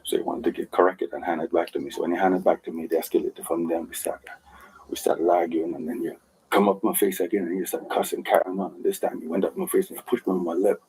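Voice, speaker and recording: A Jamaican man with a low, gravelly, husky voice talks quickly and insistently. He keeps asking "right?" as he tells his side of a dispute. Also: steady tone, darkish tone, low-quality recording. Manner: insistent, repeats "right?" to seek agreement. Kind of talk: telling his side of a dispute in a played clip.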